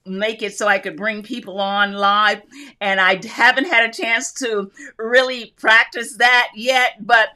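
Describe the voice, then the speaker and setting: A woman's voice: a little high, little pitch movement, measured pace, bright, forceful tone. A woman hosting a casual live craft stream, greeting viewers by name and reading their comments aloud in a chatty, upbeat way with frequent laughs.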